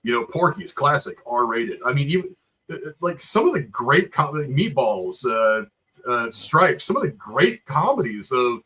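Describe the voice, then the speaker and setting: A man's voice: medium pitch, big pitch swings, unhurried, bright, forceful tone, husky, poor audio. A man co-hosting a casual movie review podcast, reflecting at length on comedy and film.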